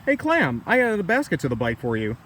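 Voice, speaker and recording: A man's voice: fairly high pitch, huge pitch swings, brisk, a bit bright. A man voicing Camper, an eager, cheerful storybook character, read aloud from a children's picture book. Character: cheerful upbeat cartoonish camper boy. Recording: distant outdoor recording with traffic.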